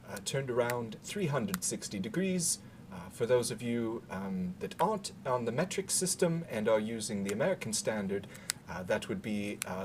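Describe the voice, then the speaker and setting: A man speaking in a put-on British accent, rambling through a casual gear walkthrough with halting fillers and dry asides. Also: medium pitch, a little mellow, slight background noise. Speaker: gear demonstrator.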